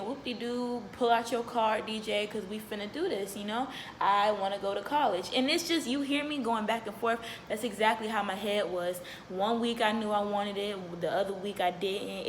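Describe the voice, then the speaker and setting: A woman's voice: a little high, a little hiss or hum. A young woman telling a personal story to her viewers in a candid, chatty way, full of fillers. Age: young adult. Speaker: vlogger. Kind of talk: casual storytelling to camera.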